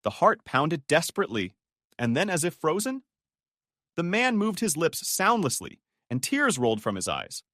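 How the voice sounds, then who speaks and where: A man's voice: a little high, huge pitch swings, moderate pace, fairly bright tone, no room sound, studio quality. A man doing scripted dramatic narration in an emphatic manner.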